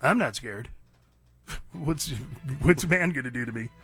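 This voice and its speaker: A man hosting a call-in talk radio show, delivering a fiery, preachy opinion monologue that rises to near-shouts. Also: medium pitch, lively intonation, measured pace, breathy edge, faint music behind.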